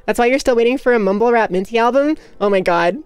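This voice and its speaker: A young woman livestreamer chatting casually with her viewers, talking rapidly and nonstop with hyperactive energy. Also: on the high side, smooth, dry recording, studio quality. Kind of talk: casual chat with stream viewers.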